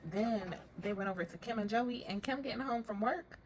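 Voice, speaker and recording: A woman recapping a reality show in a casual, gossipy way, chatty and full of slang. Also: on the high side. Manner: fast, chatty retelling with laughs and slang.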